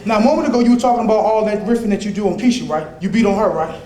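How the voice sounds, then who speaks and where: A man plays an angry young man confronting his abusive best friend, with a fairly high voice. He scolds, mocks and erupts into shouting, heard in a roomy indoor space with a faint hum behind. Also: rapid-fire, lightly acted. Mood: taunting. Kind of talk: independent film drama acting.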